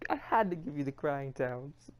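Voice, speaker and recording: A man's voice: fairly high pitch, big pitch swings, fast. A man co-hosting a podcast, ranting theatrically with heavy swearing and mock crying. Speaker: podcast co-host. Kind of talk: casual comedic rant.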